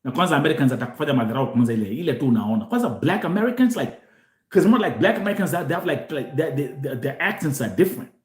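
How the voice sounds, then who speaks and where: A man's voice: fairly high pitch, sing-song, rapid-fire, echoey room. A man from Kenya hosting a show, talking animatedly to viewers and switching between Swahili and English, often repeating himself. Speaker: host. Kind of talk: live show monologue to viewers.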